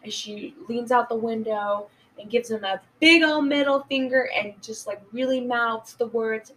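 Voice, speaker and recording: A woman's voice: a little high, normal speed, fairly bright tone, far from the mic, low-quality recording. A woman on a podcast casually retelling a movie plot, rambling with many fillers and stoned. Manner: rambling, filler-heavy retelling, acting out quotes. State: high. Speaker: podcast co-host. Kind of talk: casual movie recap chat.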